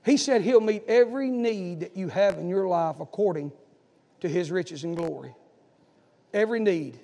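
High-voiced preacher in a reverberant hall. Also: male voice, normal speed, creaky. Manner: preaches in swells, from hushed to shouting. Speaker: pastor. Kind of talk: sermon.

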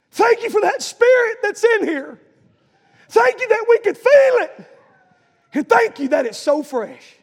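A preacher plays a plain-spoken old man praying out loud in a raised, strained voice. He draws his words out slowly and talks to God like an old friend, with a gravelly edge. A long church-hall echo trails behind him. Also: extremely high pitch, pitched above the performer's own voice, full character voice. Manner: drawn-out, homespun, talking to God like a friend.

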